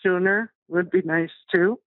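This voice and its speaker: A woman's voice: on the low side, steady tone, a little slow, no echo. Hesitant woman caller from Canada, thin tinny phone sound, dry.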